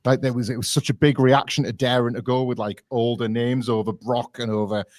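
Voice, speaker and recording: Man, podcast guest, rambling casual chat, mid-pitched voice, dry close mic. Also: flat delivery, a little fast, a little mellow, no room sound. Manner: rambling, full of "like" fillers, laughs while talking.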